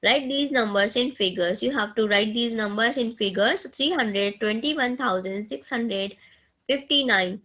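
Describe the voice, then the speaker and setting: A woman with an Indian English accent teaching a maths lesson to students, slow and deliberate, often checking in with "okay". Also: a little high, a bit bright, low-quality recording. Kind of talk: recorded classroom lesson.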